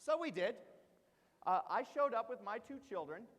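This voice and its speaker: Male presenter, 30s, high voice, animated storyteller with "uh" fillers, recorded in a reverberant hall. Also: moderate pace. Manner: animated, frequent "uh" fillers, asks the audience questions. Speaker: keynote speaker at teacher training. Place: large hall before an audience.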